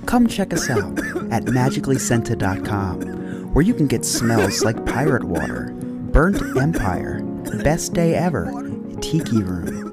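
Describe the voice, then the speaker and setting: A man's voice: mid-range voice, big pitch swings, measured pace. A man reading a playful, joking advertisement. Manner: playful ad read with jokes. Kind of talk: read ad. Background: loud music.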